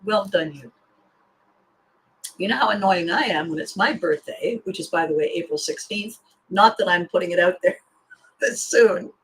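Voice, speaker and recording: A woman's voice: lowish voice, normal speed, long pauses, a little hiss or hum, low-quality recording. A woman hosting her own show, giving a motivational monologue and acting out the voices of people she quotes, with a chuckle here and there. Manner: animated storyteller who acts out quoted voices. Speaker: podcast host and life coach.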